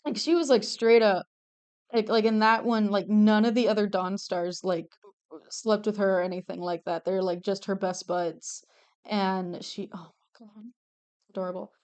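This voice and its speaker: A woman's voice: mid-range voice, fairly even intonation, moderate pace, a little mellow, clear, resonant tone. A young adult woman streaming while she draws, chatting casually, gushing over characters and swearing freely, often trailing off mid-sentence. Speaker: streamer drawing commissioned art. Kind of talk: casual livestream chat while drawing.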